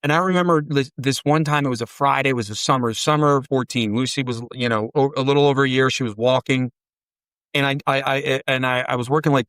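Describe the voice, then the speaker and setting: Clean-toned and medium in pitch, with no room sound, this forties-aged podcast guest chats casually. He rambles through profane, animated stories, voicing the quoted dialogue himself.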